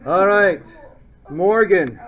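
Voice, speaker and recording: A male chemistry teacher lecturing a class in a playful way, now and then shouting silly memory phrases. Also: sits high, very slow. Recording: dull lo-fi classroom recording.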